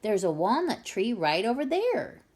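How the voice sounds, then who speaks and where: A woman's voice: fairly high pitch, very animated, unhurried, darkish tone. A woman voicing a grand, know-it-all but kindly elderly duke in a storybook reading.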